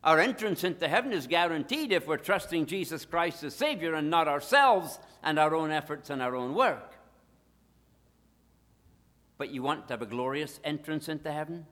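A man preaching a sermon, emphatic, swinging between loud declarations and hushed asides. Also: fairly high pitch, animated, normal speed, in a large hall.

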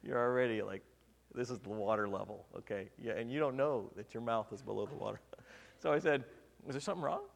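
A man preaching a sermon, telling humorous stories from his own marriage and swinging between loud and soft delivery. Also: fairly low pitch, brisk, vocal fry. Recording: long reverb of a large hall.

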